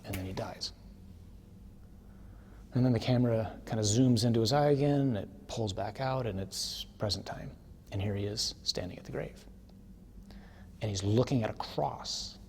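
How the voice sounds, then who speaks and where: A man's voice: lowish voice, normal speed, vocal fry, pauses often, a little hiss or hum. Conversational man preaching about faith. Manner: casual and storytelling, with tag questions like "huh?" and "okay?"; builds to forceful emphasis. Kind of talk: conversational teaching sermon.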